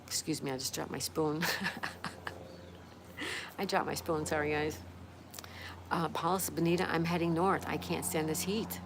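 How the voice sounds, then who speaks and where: Woman livestream host, low-pitched, friendly chat-reader, steady outdoor noise behind her. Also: unhurried, vocal fry, long pauses. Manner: friendly, greets viewers by name one after another. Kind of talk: casual chat, reading viewer comments aloud.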